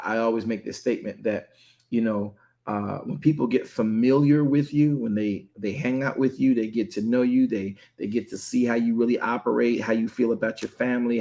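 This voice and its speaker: A male preacher delivers a conversational sermon in a mid-pitched voice. He often restarts and repeats words, checking in with his listeners with a quick "right?". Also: a little mellow.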